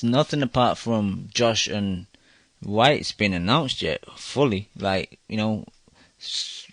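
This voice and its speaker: A man's voice: on the low side, dry recording. A man hosting a casual boxing podcast, asking the others questions and swearing freely. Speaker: podcast host. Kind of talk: casual chat.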